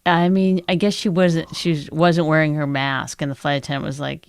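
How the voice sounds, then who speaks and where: A woman's voice: normal speed, clean tone, no echo, studio quality. A middle-aged woman co-hosting a podcast in casual chat, telling a story and acting out what people said in a raised voice. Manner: animated storyteller who acts out quotes in a high voice. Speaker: podcast co-host.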